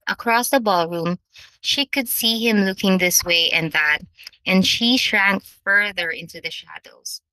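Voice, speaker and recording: A woman reading a novel aloud as audiobook narrator, in measured storytelling. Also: medium pitch, sharp tone, no room sound, poor audio.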